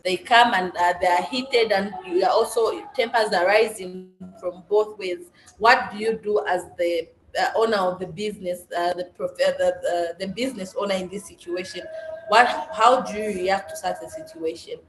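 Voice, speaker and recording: A woman's voice: medium pitch, steady tone, moderate pace, faint music behind. A woman moderating a coaching session and interpreting, switching between English and Swahili and often restarting her sentences. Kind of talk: workshop moderation. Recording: echoey room with faint ambience.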